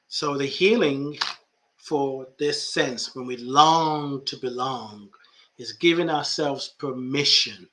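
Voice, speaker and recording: A man's voice: mid-range voice, slow, fairly bright tone. A man who is a life coach and podcast host, talking reflectively about spirituality and often repeating phrases for emphasis.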